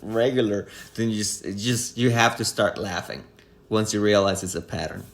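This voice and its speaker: A man's voice: fairly low pitch, normal speed. A man co-hosting a casual film-review podcast, amused, laughing mid-sentence and restarting his thoughts. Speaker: podcast co-host.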